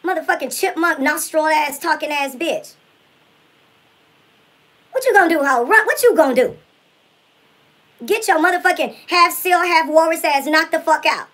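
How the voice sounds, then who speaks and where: A woman doing a shrill foul-mouthed vlogger diva. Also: moderate pace, pauses often, a bit bright, low-quality recording. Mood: furious. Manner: profane, insult-hurling trash talk. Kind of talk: comedic spoof rant.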